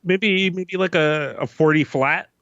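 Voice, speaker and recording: A man with a fairly high voice talks slowly and in a laid-back way, tossing in jokes during a casual chat. His sound is dry and a little dull, like a lo-fi mic. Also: fairly bright tone, dry recording.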